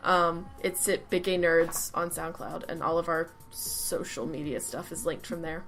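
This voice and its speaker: A woman's voice: low-pitched, fairly even intonation, unhurried, a bit bright, soft background music. A woman co-hosting a podcast in casual chat, laughing often and swearing freely. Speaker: podcast co-host.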